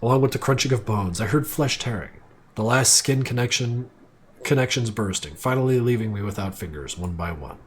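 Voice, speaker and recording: Reading a first-person story dramatically during a live stream, this man occasionally trips over words and fixes them. He speaks briskly at a medium pitch, with a little background noise audible.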